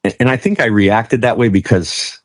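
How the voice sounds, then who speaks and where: A man's voice: fairly low pitch, normal speed, no room sound. A middle-aged man, a pastor, sharing his personal testimony in an earnest, conversational way during an interview.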